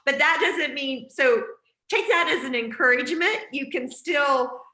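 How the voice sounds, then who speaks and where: A woman's voice: high-pitched, measured pace, sharp tone, roomy sound. A woman hosting a casual team video call, chatty and encouraging with lots of fillers.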